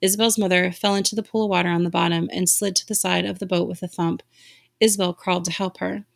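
A woman reads a novel aloud in a lowish voice with a gravelly, fry-tinged edge. She reads with drama, pushing her voice up whenever a character shouts. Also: level tone, fast. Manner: dramatic reading, raising pitch for shouted lines. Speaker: reader.

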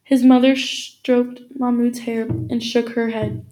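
A woman reading a novel aloud as narrator, in a steady storytelling manner. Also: on the high side, takes it slowly, low-quality recording. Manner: steady storytelling with small slips.

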